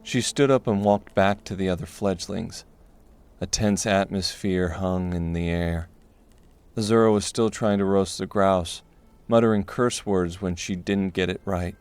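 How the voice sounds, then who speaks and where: A man narrating a dark fantasy audiobook in a steady, measured way. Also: deep voice, smooth.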